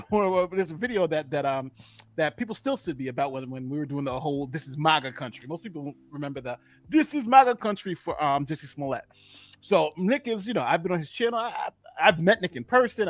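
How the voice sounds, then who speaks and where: A man's voice: on the high side, dry recording. A man hosting a casual live-stream commentary, chatty and repetitive, gloating as he talks. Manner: animated, repeats himself, gloating and chatty. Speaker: host of a legal commentary channel.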